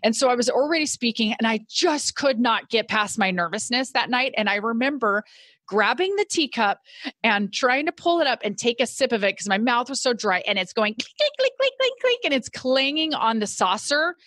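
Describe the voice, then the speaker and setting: A woman's voice: on the high side, moderate pace, dry recording. Middle-aged woman, podcast guest, earnest personal storyteller; dry, close sound. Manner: earnest, animated quoting of her own past thoughts. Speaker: podcast guest, business owner.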